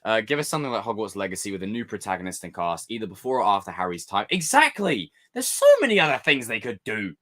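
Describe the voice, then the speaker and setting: A man's voice: on the low side, fast, hardly any pauses. A man hosting a casual live stream, chatting with his viewers and joking with them. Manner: animated, jokey, talks to chat.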